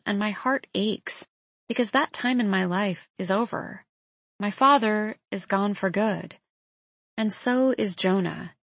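A young woman narrating a novel in the first person, in a reflective, intimate, measured way. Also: medium pitch, a bit bright, no room sound. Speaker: audiobook narrator.

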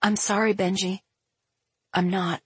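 A woman reading a tired young bride who holds her ground quietly. The tone is low-key and slightly husky, in a dry close recording. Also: flat delivery, a little slow, dry recording.

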